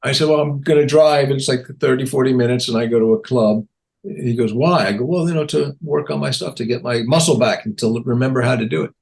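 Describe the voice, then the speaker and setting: A man in his sixties tells stories in a relaxed interview at a medium pitch. He talks animatedly, slips into livelier voices to act out what people said, and laughs along the way. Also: quick pace, creaky. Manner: animated, acts out quotes in raised voices, laughs often. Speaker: guest comedian. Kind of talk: casual interview storytelling.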